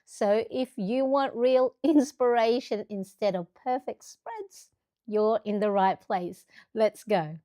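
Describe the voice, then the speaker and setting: A woman's voice: on the high side, takes it slowly, dark tone. Chatty middle-aged woman hosting a livestream. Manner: chatty, greets viewers by name. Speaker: planner channel host. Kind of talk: casual live-stream chat.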